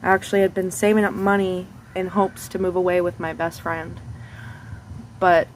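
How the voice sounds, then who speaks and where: A woman's voice: on the low side, flat delivery, moderate pace, a little hiss or hum, rough recording. A young adult woman telling a personal story as a vlogger, candid and raw, swearing bluntly.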